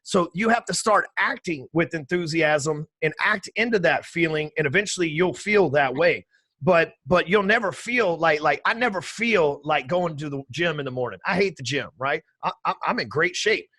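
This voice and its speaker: A man, talking emphatically and with high energy as a podcast guest, swearing casually. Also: moderate pace, sharp tone, no room sound. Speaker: podcast guest, sales trainer. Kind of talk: energetic interview talk.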